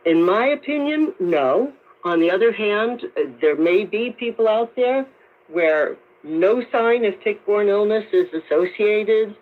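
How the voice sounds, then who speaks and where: Slow, measured woman doctor on old radio. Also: mid-range voice. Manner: measured, explanatory. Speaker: doctor guest. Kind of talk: radio call-in interview. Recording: tinny narrow-band radio broadcast.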